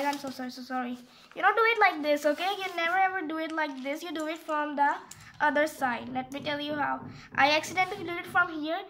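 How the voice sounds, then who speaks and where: In a casual, rambling math tutorial, a woman explains a geometry exercise one step at a time, frequently pausing to fix mistakes and say sorry. She has a high voice with a sharp tone, and there's slight background noise.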